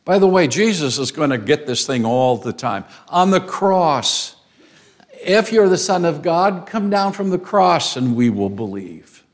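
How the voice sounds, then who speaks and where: Slow, lively-voiced preacher man. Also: on the high side. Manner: emphatic, repeats phrases for stress. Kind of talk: expository sermon.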